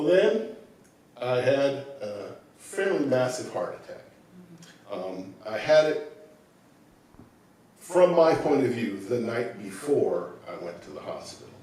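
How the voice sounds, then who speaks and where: A man in his sixties giving a calm, reflective personal testimony as a guest speaker in a church. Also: medium pitch. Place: church sanctuary. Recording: very echoey room, mic at a distance.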